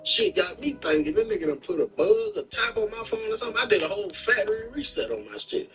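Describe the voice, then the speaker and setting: A man's voice: high voice, fast, distant mic, poor audio. Slangy man telling a story off-mic. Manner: animated, slangy retelling with profanity. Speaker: streamer. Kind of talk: casual storytelling on a live stream. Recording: voice from off the mic with music behind.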